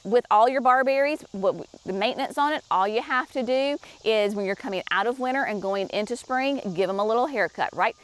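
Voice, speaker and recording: Upbeat higher-voiced woman presenting plants. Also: a little fast, hardly any pauses. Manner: enthusiastic, chatty, addresses viewers directly. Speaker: garden nursery presenter. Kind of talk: casual product walkthrough for viewers.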